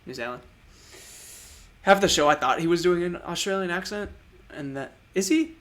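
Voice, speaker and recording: A man's voice: high voice, lively intonation, normal speed, a bit bright. A man co-hosting a podcast, chatting casually about movies, rambling, trailing off and laughing often. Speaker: podcast co-host.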